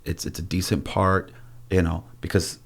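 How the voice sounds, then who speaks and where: A man's voice: sits low, little pitch movement, moderate pace, slightly rough. A man in his forties, an actor as guest, talking in a laid-back, frank way in a casual conversation. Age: 40s.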